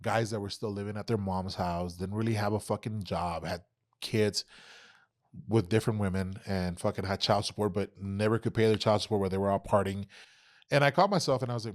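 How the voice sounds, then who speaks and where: Swearing, animated man telling stories. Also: fairly low pitch, a little fast. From Texas. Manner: animated, heavy swearing, acts out quoted exchanges. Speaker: podcast guest. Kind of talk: casual interview storytelling.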